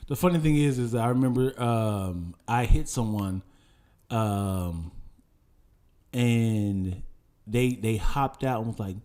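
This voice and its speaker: A man's voice: fairly low pitch, slow pace, mellow. A man co-hosting a casual podcast chat who role-plays an angry driver. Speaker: podcast co-host.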